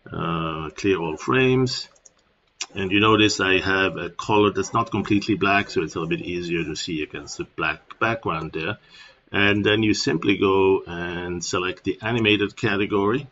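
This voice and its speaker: A man with a German accent casually walking through a software tutorial at his computer, rambling with plenty of filler words. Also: low voice, moderate pace, slight background noise. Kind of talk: casual screen-recording tutorial. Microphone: computer microphone. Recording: dull lo-fi screen recording.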